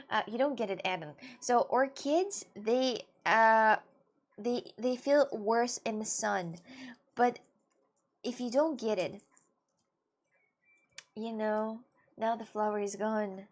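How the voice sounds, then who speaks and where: Animated woman streamer chatting. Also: on the high side. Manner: animated, ranting, laughs often, fillers like "you know". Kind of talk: casual live-stream chat.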